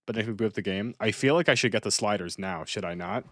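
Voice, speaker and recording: A man's voice: lowish voice, quick pace, dry recording, clean studio sound. Rambling, playful man streaming a game. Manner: rambling, playful, repeats himself. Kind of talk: casual gaming stream commentary.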